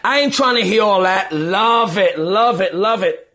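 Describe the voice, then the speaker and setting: A high-pitched male pastor from New York City talks loosely on a livestream. He is upbeat and keeps answering comments with short, repeated words of approval, as if working through a list. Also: bright, forceful tone. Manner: upbeat, repeats quick affirmations. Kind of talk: live-stream chat reading viewer comments.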